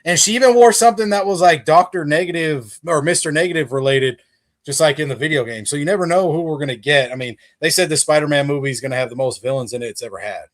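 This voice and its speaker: A man's voice: on the high side, fast. Enthusiastic man rambling on a livestream. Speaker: guest creator. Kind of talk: casual livestream chat.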